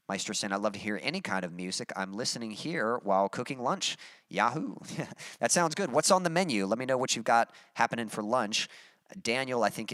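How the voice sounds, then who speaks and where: A man from Texas with a mild Texas accent, a musician chatting casually on a livestream and reading out his chat, relaxed and rambling with many fillers. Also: fairly low pitch, no echo, clean studio sound. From Texas, USA.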